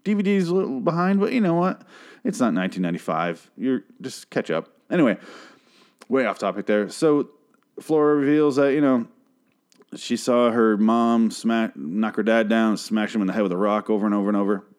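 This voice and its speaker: Low-pitched young man, profane rambling TV reviewer, close mic. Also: moderate pace, darkish tone, smooth. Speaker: TV show reviewer. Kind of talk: casual solo review rant. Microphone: close podcast mic.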